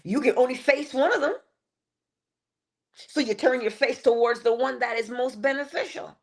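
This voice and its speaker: A woman giving a motivational morning talk, animated and playful, with chatty asides. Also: high-pitched, moderate pace. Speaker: inspirational speaker.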